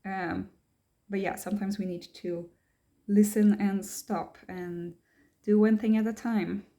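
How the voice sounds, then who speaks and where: A woman's voice: medium pitch, steady tone, unhurried, dark tone. A young woman talking casually to camera, hesitant and thoughtful, reading checklist items aloud and then answering them herself. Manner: thoughtful, hesitant, many ums and restarts. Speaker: vlogger.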